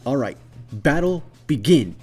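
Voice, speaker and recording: A serious, confident gym leader who takes charge of the match, voiced by a male storyteller. His tone is calm and low, with a relaxed darkness and faint music under it. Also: fast talker.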